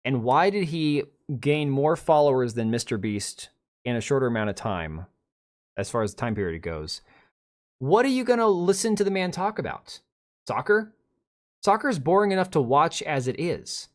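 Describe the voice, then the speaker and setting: A man's voice: fairly high pitch, very animated, normal speed. A man in his thirties hosting a casual livestream, rambling bluntly and reacting to chat with restarts and asides. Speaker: livestream host.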